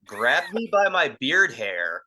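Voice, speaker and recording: A man's voice: on the high side, sing-song, takes it slowly, rough recording. A young man casually telling a crude story, rambling and profane, full of fillers. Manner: rambling, profane, filler-heavy, acts out quotes loudly. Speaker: podcast storyteller.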